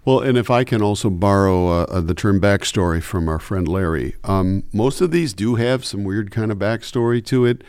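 An animated male radio announcer chats as a guest and tells his stories with energy. His voice sits low, and the recording is dry and close. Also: moderate pace, hardly any pauses, clear, resonant tone, no echo. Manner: animated, chatty, slips into voices. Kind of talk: casual interview chat.

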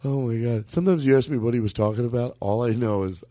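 A man's voice: medium pitch, fast, mellow, no echo, studio quality. A man hosting a podcast, rambling and laughing easily, often repeating himself. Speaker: podcast host. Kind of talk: casual podcast chat.

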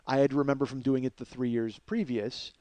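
Animated man telling a story. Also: mid-range voice, a little fast, no room sound. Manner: animated, profane storyteller acting out quotes. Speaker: podcast host. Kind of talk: casual storytelling.

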